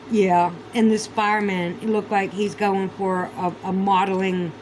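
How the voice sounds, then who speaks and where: A woman's voice: medium pitch, level tone, a little slow, darkish tone, slight background noise, low-quality recording. Profane, ranting woman vlogger. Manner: sarcastic, incredulous. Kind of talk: casual ranting monologue.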